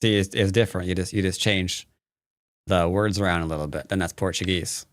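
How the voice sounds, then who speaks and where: An American man teaches Go on a live stream in a low, steady voice at a brisk pace, recorded cleanly in a studio with no room sound. He's casual and playful, joking with chat and rambling with fillers and restarts.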